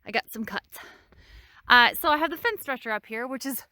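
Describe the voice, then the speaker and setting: A woman's voice: fairly high pitch, lively intonation, brisk, bright, forceful tone, no room sound, clean studio sound. A woman on her farm, venting frustration in a casual vlog while out of breath from hard work outdoors. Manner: exasperated, venting. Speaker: farm vlogger.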